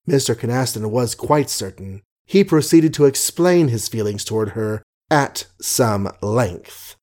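A man narrating an old-fashioned novel, with wry, gently ironic asides to the listener. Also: mid-range voice, lively intonation, unhurried, hardly any pauses. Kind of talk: audiobook narration.

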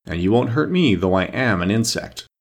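A man reading the soft lines of a tiny, unhappy talking insect in a storybook. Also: on the low side, expressive, normal speed, gravelly. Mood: plaintive. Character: tiny, sad, timid gnat.

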